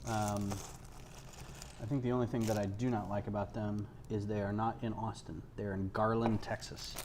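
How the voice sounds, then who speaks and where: A man hosting a casual livestream from home, rambling onto tangents, losing his thread and filling pauses with ums. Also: lowish voice, little pitch movement, background noise. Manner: frequent ums and restarts. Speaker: livestream host. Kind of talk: casual chat while building.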